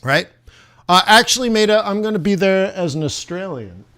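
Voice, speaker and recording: Smooth-voiced man chatting on a livestream. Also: high voice, lively intonation, normal speed, sharp tone. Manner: rambling, self-mocking, chatty with viewers. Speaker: forex livestream host. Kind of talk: casual livestream chat.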